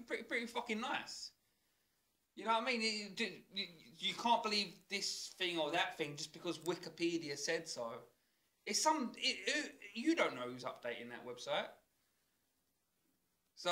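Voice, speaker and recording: A man's voice: high voice, animated, moderate pace, bright, forceful tone. A young man with a London working-class accent, co-hosting a podcast in rambling, sweary casual chat and laughing often. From South London. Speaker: podcast co-host.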